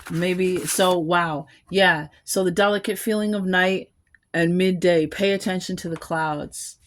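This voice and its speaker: A woman's voice: fairly low pitch, fairly even intonation, measured pace. A woman giving a collective tarot reading, musing aloud and rambling, with small laughs between thoughts. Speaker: tarot card reader.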